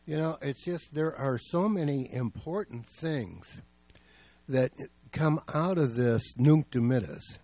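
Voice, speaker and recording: A man's voice: a little high, lively intonation, takes it slowly, warm tone, no echo. A male pastor preaching a sermon, telling stories in a plain, conversational way.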